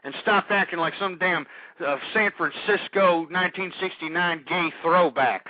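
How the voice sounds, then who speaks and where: A man hosts an internet talk radio show in an angry, preachy rant. His high voice keeps stumbling into repeated words as he works himself up. The sound is dry and dull, with a lo-fi, muffled tone. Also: moderate pace, dry recording. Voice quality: stammering, repeats words when worked up. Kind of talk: ranting talk radio monologue.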